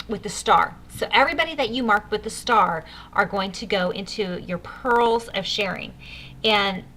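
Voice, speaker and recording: A woman's voice: medium pitch, pushed and bright, a little hiss or hum. A woman leading a sales training session for new consultants, upbeat and coaching, speaking straight to her listeners. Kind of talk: enthusiastic sales training talk.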